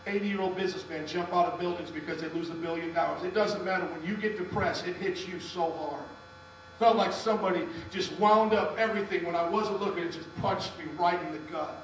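Male pastor, high voice, storytelling sermon, booming hall sound, mic well off, low mains hum. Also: steady tone, brisk, fairly bright tone, distant mic. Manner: storytelling preacher, calls on the congregation to respond.

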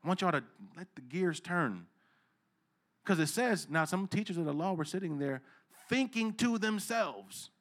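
A man preaching a sermon in a casual, slangy way, asking the listeners questions and swinging between low asides and loud, emphatic preaching. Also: expressive, normal speed. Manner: casual street slang, asks the crowd questions.

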